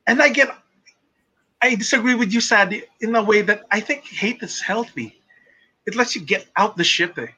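A Filipino-accented man speaks with a high, bright, sharp tone in a casual podcast chat. He is blunt, switches between English and Tagalog, and keeps asking whether the others get his point. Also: lively intonation, normal speed, slightly rough, low-quality recording. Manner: blunt, code-switching, swears, asks for agreement. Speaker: podcast co-host.

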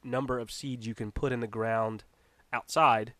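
A man's voice: mid-range voice, steady tone, moderate pace, sharp tone, no room sound. A man hosting a casual podcast chat, steering the topics and laughing at his own puns. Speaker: podcast host.

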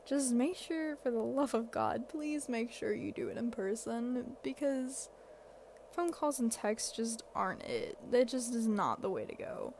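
This teen podcast host, a seventeen-year-old girl, offers rambling, casual advice packed with fillers and jokes at her own expense. She sounds fairly high, expressive, a little slow and a little mellow, over a slight hiss or hum.

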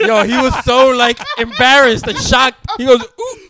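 A young man, telling a story to friends in an animated, slangy way and laughing often. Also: very high voice, normal speed, noisy background. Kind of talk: casual storytelling among friends.

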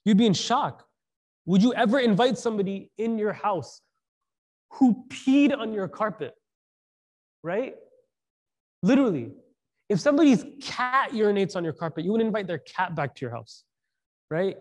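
A preacher delivers a conversational sermon, putting questions to the audience and mixing in slang. His voice sits high with a darkish tone and lively intonation, moving at a moderate pace with long pauses.

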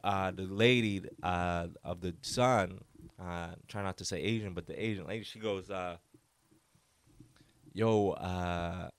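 A man's voice: sits low, normal speed, no echo. Rambling man telling a story, dry sound. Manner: rambling, animated, lots of "like". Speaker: podcast host. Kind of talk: casual storytelling.

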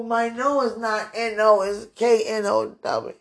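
A woman's voice: fairly high pitch, level tone, takes it slowly, gravelly, hardly any pauses. A woman talking into a phone held close, emotional and repetitive, with a prayerful tone, as if speaking live to a loved one.

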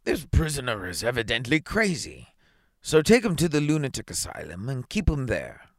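A severe, impatient magistrate interrogates with brusque, scolding lines, as a male reader puts him on. His delivery leaps up in pitch when he snaps, and the recording is close and dry. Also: wildly swooping pitch, normal speed, vocal fry, no echo. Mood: stern. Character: stern, impatient town magistrate, man.

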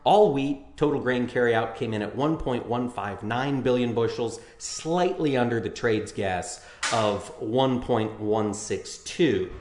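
A man's voice: mid-range voice, measured pace, hardly any pauses, a little mellow, echoey room, slight background noise. A man co-hosting a farm news talk show, chatting casually and reading grain market figures in a folksy way. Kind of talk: casual radio chat and market report.

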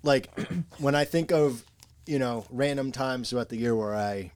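A man's voice: medium pitch, a little slow, darkish tone. A man co-hosting a podcast, chatting casually and enthusiastically about a cartoon episode and quoting its lines. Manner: enthusiastic, quotes lines, trails off mid-sentence. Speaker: podcast co-host.

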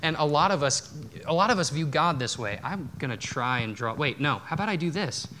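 Guy preaching in church, slightly higher voice, chatty and loose, lots of restarts and little jokes at himself. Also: animated, fairly quick, pushed and bright, a little hiss or hum. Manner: conversational, self-deprecating asides with frequent restarts. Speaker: pastor. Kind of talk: sermon. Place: church sanctuary.

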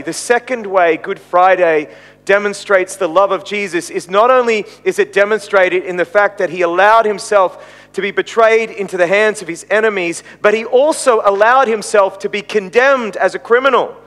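A man's voice: sits high, normal speed, a bit bright, big-room sound. A man preaching a sermon, retelling the story and quoting it with rising emphasis.

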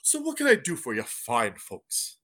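A man's voice: medium pitch, wildly swooping pitch, moderate pace, background noise. A man voicing a kindly, folksy barkeep who calls people friend and stammers a little. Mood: friendly. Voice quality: folksy, hesitant, says "friend".

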